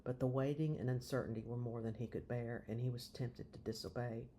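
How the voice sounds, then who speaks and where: Man giving a measured audiobook reading. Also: medium pitch, fairly even intonation, dark tone, a little hiss or hum. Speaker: reader of a novel.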